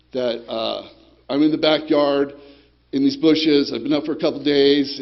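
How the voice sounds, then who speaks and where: A man's voice: medium pitch, vocal fry, muffled recording. A man giving a rambling, streetwise personal testimony at a recovery group meeting, swearing and often asking "you know, right?". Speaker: speaker sharing his recovery story.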